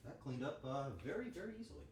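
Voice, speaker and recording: Crude, animated male streamer in an echoey kitchen. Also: fairly high pitch, quick pace, noisy background. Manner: crude, joking, animated banter with chat. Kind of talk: casual livestream chat while cooking. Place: home kitchen.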